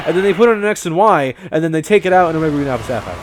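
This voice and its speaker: A young man giving casual, rambling commentary over a game, animated and full of swearing. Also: fairly high pitch, racing, noisy background. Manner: rambling, profane, animated storytelling. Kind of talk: casual let's-play commentary.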